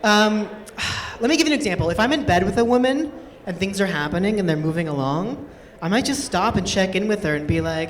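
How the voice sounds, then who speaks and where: A woman's voice: medium pitch, expressive, a little fast. A woman performing a stand-up comedy set on an event stage, chatty and playful, often laughing through her lines. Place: event stage in a large hall. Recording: long stage hall reverb.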